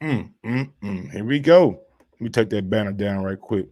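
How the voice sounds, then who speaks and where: A man hosting boxing commentary, reacting to social media posts in animated, slangy casual talk with drawn-out exclamations. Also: on the low side.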